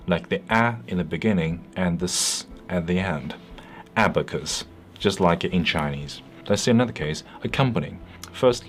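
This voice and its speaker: A man narrating a scripted pronunciation lesson in a clear, patient, explanatory way. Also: sits low. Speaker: English pronunciation teacher.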